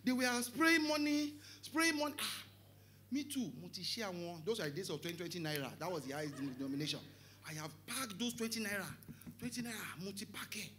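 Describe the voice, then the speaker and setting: A middle-aged Nigerian pastor with a Yoruba-tinged English accent, preaching an animated sermon, often shouting, joking and slipping into Yoruba. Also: male voice, sits high, quick pace, slight background noise.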